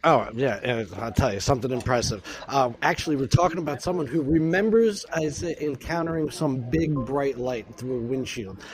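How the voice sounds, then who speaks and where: A man's voice: medium pitch, moderate pace, few pauses, poor audio. Joking man hosting a podcast. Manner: joking, easygoing. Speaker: co-host. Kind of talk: casual podcast chat.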